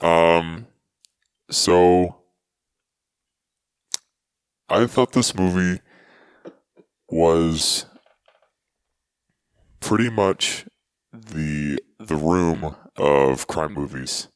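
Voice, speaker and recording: A man giving his take on a movie in casual podcast talk, pausing often with ums. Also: deep voice, smooth, no room sound, studio quality. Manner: hesitant, many pauses and ums. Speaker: podcast co-host reviewing a movie. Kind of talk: casual movie review chat.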